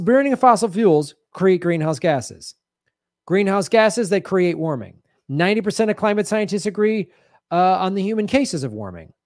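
A man hosting his own show, delivering an indignant, sarcastic political commentary monologue that swings between loud outbursts and muttered asides. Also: sits high, no room sound, clean studio sound. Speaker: show host.

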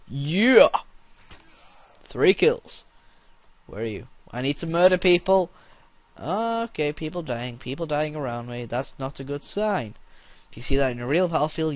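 Young guy playing a game and yelling death at everyone, crude and rowdy, mid pitch. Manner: crude, rowdy, shouts battle cries. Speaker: gameplay commentator. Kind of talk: gameplay commentary.

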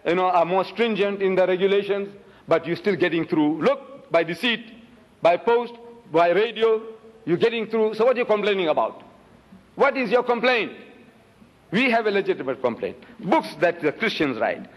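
An older South African man speaks with a high-pitched voice, captured with lo-fi sound in a reverberant lecture hall. He gives an emphatic public talk, asking rhetorical questions and showing objects to his listeners.

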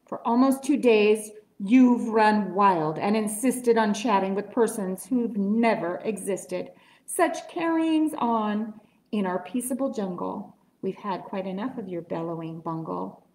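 A woman's voice: mid-range voice, a little slow, darkish tone, close to an everyday voice. A woman voicing a bossy, scornful female kangaroo in a read-aloud storybook, snapping and scolding. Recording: echoey room.

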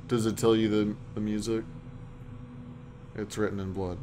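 A man's voice: fairly low pitch, little pitch movement, warm tone, slight background noise. A young man co-hosting a let's play, chatting dryly and giving blunt directions. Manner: dry, unhurried, gives blunt directions. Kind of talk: casual gameplay commentary.

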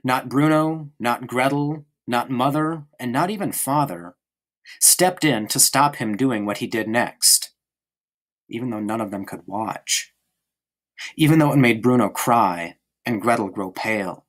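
A man narrating a novel chapter aloud with expressive, carefully paced emphasis. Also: mid-range voice. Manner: expressive, varied reading with slowed emphasis. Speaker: audiobook reader. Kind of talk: storybook narration.

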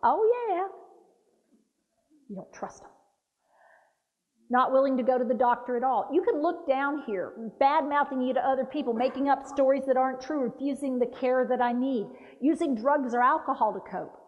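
A woman dementia care trainer giving a lively talk, acting out patient voices. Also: high voice, fairly quick, hardly any pauses. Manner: animated, acts out patient voices. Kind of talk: lively training talk with role-play demonstrations. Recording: dull roomy hall recording.

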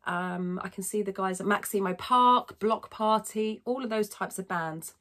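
A woman talking through a casual singing lesson. Her voice sits at an ordinary middle pitch, and she chats easily, thanks her viewers and drops in quick self-deprecating remarks. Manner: chatty, warm-hearted asides, thanks viewers. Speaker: singing teacher.

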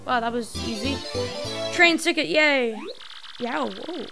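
A woman's voice: high-pitched, unhurried, sharp tone, soft background music. A woman commenting casually on a video game she is playing through, with giggly, self-mocking asides. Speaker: gamer doing character voices. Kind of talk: let's play commentary.

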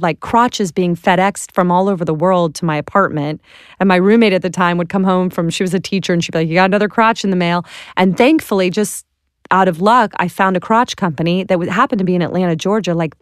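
A woman guest tells her stories with lively, self-deprecating energy and laughs easily along the way. Her voice sits a little low for a woman. The recording is close and dry, with no room sound. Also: clear, resonant tone, dry recording. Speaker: entrepreneur guest. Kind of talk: animated storytelling in an interview.

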